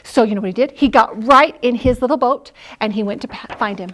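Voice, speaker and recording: A woman music teacher explaining song tales and then telling an expressive story to a group of preschool children. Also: a little high, a little fast, a little hiss or hum. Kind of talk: instructional narration and storytelling to preschoolers.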